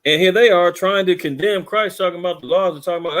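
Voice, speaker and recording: A man's voice: high-pitched, fast, fairly bright tone. A man leading a conversational Bible teaching, fiery and mocking in a preachy way.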